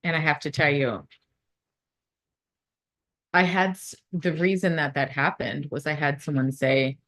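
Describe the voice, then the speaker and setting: A woman speaker with a lowish voice talks slowly and deliberately. She gives a motivational talk, then guides a visualization in a calm, soothing manner, recorded on a phone in a conference room. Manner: warm, slow and soothing when guiding the meditation.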